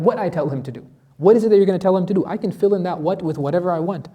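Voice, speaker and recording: Man, imam giving a lesson, high voice, fast talker, quizzes the class, recites verses. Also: dark tone. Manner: asks the class rhetorical questions, recites Arabic verses. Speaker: imam teaching Quran commentary.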